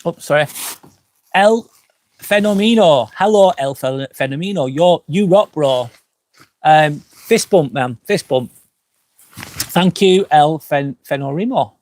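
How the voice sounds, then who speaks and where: A man hosting a casual live stream outdoors by a fire pit, a little drunk on wine, rambling through chat comments with lots of swearing and quick apologies. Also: fairly high pitch, lively intonation, a little mellow. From England. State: tipsy from wine.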